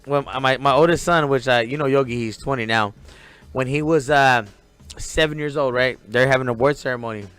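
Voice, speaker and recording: A man's voice: medium pitch, a little fast, smooth, faint music behind. A man in his forties telling profane stories in a casual podcast chat. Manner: profane, animated storyteller. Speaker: podcast co-host.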